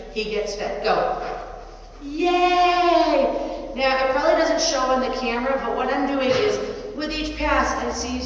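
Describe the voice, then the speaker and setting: A woman's voice: fairly high pitch, a bit bright. A woman dog agility trainer demonstrating a training step, chatting casually and breaking off to coax and cheer on her dog. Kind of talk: instructional demonstration. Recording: distant, echoey, muffled, faint ambient noise.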